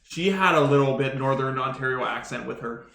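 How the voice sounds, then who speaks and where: A man's voice: mid-range voice, creaky, bright, forceful tone. A young Canadian man with a Canadian accent, co-hosting a casual podcast chat, rambling with lots of restarts. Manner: rambling, quick, full of restarts. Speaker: podcast co-host. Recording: echoey room.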